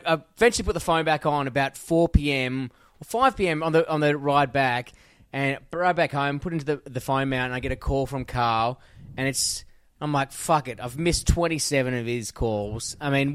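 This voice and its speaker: A man's voice: medium pitch, normal speed, fairly bright tone, clear, resonant tone, dry recording, clean studio sound. A man co-hosting a podcast over a video call, telling a story with lots of swearing. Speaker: podcast co-host. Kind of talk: casual podcast banter. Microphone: remote video call.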